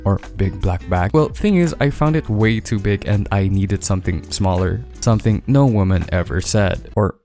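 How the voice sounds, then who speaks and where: Mellow low-voiced joking young man. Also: animated, moderate pace, hardly any pauses. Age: 20s. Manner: joking, self-deprecating asides. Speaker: student vlogger. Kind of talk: casual vlog chat. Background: faint background music.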